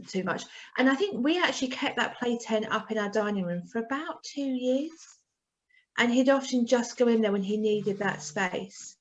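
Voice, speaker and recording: A woman at a middle pitch explains practical tips as an adoptive parent. Her voice comes through dull, lo-fi video call audio. She speaks in a casual, explanatory way. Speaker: adoptive parent on the membership team. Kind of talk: casual webinar talk.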